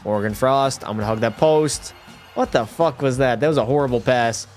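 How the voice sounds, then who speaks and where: A man's voice: mid-range voice, normal speed, faint music behind. A young man streaming a hockey game live, talking to his chat, swearing and getting fired up, a bit tipsy. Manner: profane, excitable, talks to chat. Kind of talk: live gameplay commentary.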